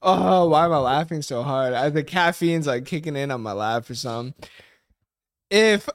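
A man's voice: a little high, no echo, studio quality. A young man hosting a casual chat with his wife, rambling and laughing a lot. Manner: giggly, rambling, lots of "like". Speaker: podcast host.

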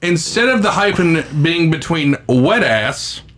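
A man's voice: on the high side, lively intonation, measured pace, a bit bright. A man co-hosting a podcast, joking in crude casual chat with slang like bro and dude. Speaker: podcast co-host.

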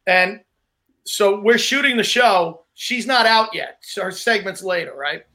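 A man with a high, bright, sharp voice, hosting a casual chat. He tells his stories in a chatty, easygoing way. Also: measured pace. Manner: chatty anecdote teller.

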